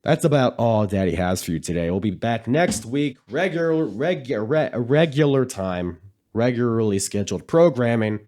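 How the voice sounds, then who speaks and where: A man hosting a casual solo podcast, rambling easily with many fillers, his voice nasal and raspy as if congested. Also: mid-range voice, lively intonation, normal speed, a little mellow. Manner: rambling, easygoing, lots of fillers. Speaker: podcast host.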